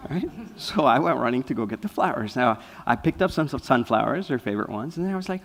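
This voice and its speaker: A man giving an inspirational talk as a guest speaker, telling lively stories and often checking in with "right?". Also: mid-range voice, fast talker, few pauses. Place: spiritual center hall. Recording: long reverb of a large hall.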